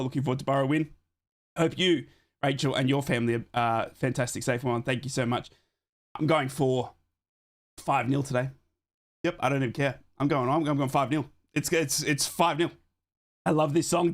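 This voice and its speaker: A young man's fairly high, hoarse voice hosting a live football watchalong from his home stream setup. He talks in an excited, effusive rush and keeps thanking his viewers warmly. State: hoarse from a chest infection.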